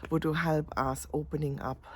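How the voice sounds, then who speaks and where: A woman's voice: sits low, level tone, normal speed, husky. A woman voicing a practical male worker bee asking for help with a building job in a storybook tale. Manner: practical, fumbling for words.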